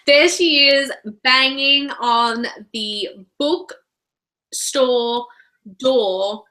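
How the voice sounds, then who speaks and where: A woman's voice: high voice, very slow, low-quality recording. A woman with an Australian accent, hosting a casual book discussion in a chatty, giggly way. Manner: chatty, giggly, animated retelling. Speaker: book reviewer, channel host.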